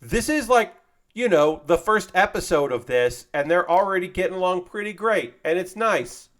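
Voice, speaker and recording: A man's voice: high voice, moderate pace. Chatty man recapping a show. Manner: rambling, animated retelling of an anime episode. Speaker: streamer building a model kit. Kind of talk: casual chat while building.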